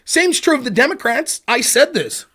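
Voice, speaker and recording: Guy with a really high voice going off on a sweary political rant, heated and sarcastic. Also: sing-song, moderate pace, sharp tone, slightly rough. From Pennsylvania. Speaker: political livestream host.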